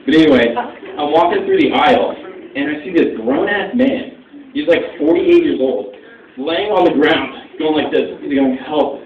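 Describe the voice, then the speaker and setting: A man's voice: on the high side, animated, moderate pace. A young man from Northern Virginia telling stand-up stories to a live audience, rambling with lots of fillers and laughing at his own jokes. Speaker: stand-up comedian. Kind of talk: stand-up storytelling. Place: small venue with live audience. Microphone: phone recording from the audience. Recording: echoey, distant, muffled phone recording with crowd.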